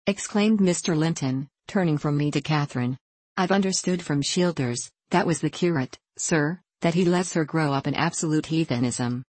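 A woman narrating a classic novel in a measured storytelling reading. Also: low voice, a little mellow, dry recording, rough recording. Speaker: audiobook narrator. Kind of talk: scripted narration.

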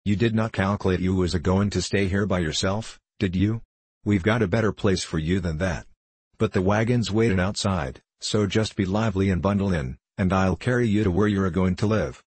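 A man reading the part of a coarse, blustering country poorhouse keeper in rough dialect. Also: low voice, a little fast, a little mellow, no room sound. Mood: gruff. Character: gruff rustic middle-aged male poorhouse keeper.

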